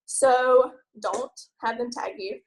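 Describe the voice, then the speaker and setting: A young Southern woman speaks on a casual group call, her high voice nervous and full of little laughs. She leans on filler words as she tells her story. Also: slow, low-quality recording. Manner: nervous and giggly, many fillers. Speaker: team member sharing her story.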